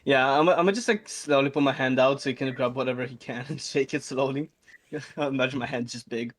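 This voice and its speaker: A man at a tabletop game describing what his character does, mid-pitched and casual. He restarts sentences often and laughs between them. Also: fast talker. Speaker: player.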